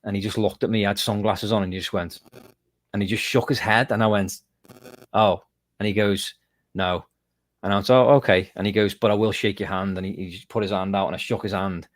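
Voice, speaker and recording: Casual man, lower voice, self-mocking anecdotes, lively telling. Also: fast talker, no echo. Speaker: guest musician. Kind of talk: casual interview chat.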